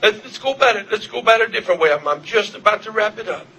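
A man preaching a revival sermon, fervent, repeating his questions and shouting at the peaks. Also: sits high, animated, very fast, a little hiss or hum. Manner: fervent, shouting at peaks, repetitive calls to the congregation. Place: church service.

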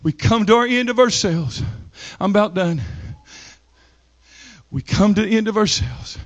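Fervent high-voiced male preacher, lo-fi sound. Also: lively intonation. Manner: builds from low slow passages to loud high-pitched shouting preaching; calls on the congregation to repeat and respond. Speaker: pastor. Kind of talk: sermon.

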